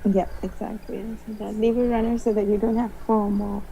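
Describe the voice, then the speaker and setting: Gravelly, dark-voiced woman chatting. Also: medium pitch, flat delivery, brisk, highs cut off, slight background noise. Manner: chatty, laughs often. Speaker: live stream co-host. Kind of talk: casual group chat about trading.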